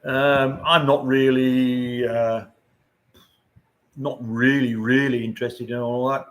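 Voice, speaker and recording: A man's voice: mid-range voice, level tone, slow. An older man hosting a casual livestream, chatting to viewers in a rambling way and chuckling often. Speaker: livestream host. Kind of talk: casual live-stream chat.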